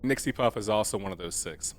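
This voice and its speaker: A man's voice: fairly low pitch, brisk. A man streaming a video game, chatting casually and joking in a rambling, playful way. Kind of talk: casual let's-play commentary.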